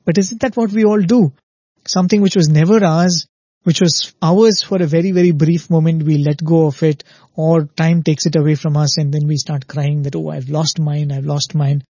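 A man's voice: a little high, steady tone, moderate pace, dark tone, no echo. Man giving a spiritual talk, muffled. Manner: explanatory, often adds "right?" to check in with listeners. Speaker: spiritual speaker.

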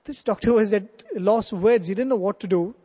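A man's voice: high-pitched, fairly quick, warm tone, husky. A man telling a devotional story earnestly as a spiritual speaker, with asides like "you know". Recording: long hall reverb.

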